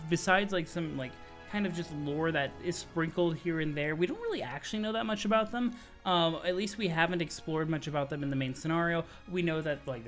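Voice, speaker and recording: A man giving casual, excitable commentary on game news, chatty and full of slang and quick restarts. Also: on the high side. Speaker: gaming video creator.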